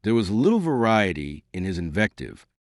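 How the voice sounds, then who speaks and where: Male audiobook narrator, low voice that swings widely, dry close sound, theatrical read. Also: moderate pace, dry recording. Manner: expressive, theatrical reading. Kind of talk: scripted narration.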